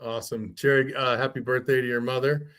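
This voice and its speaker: A man's voice: mid-range voice, little pitch movement, a little fast, fairly bright tone, clear, resonant tone. A man co-hosting a casual sports podcast, joking and exuberant. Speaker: podcast co-host.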